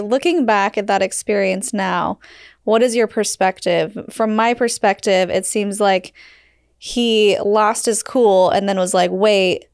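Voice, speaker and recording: A woman's voice: medium pitch, darkish tone, no echo, clean studio sound. A woman hosting an interview podcast, reflecting on a guest's story in a talky way full of fillers. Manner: reflective, explains with many fillers. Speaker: podcast host. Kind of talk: interview chat.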